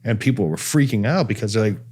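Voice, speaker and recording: A man's voice: fairly low pitch, lively intonation, quick pace, a little mellow, husky. A man from Cleveland hosting a casual talk show, telling a story with lots of fillers and restarts. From Cleveland, USA. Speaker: podcast host. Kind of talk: casual chat.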